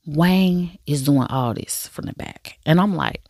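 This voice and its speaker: A woman in a casual, animated chat reviewing a drama series, telling the story with slang and asides. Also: low-pitched, measured pace, dry recording, studio quality.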